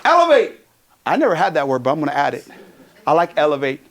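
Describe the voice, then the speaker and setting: A man from California giving a motivational keynote, energetic and profane, joking with the crowd in a conference hall. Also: a little high, quick pace, creaky. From Pomona, California. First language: Tongan. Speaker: keynote speaker.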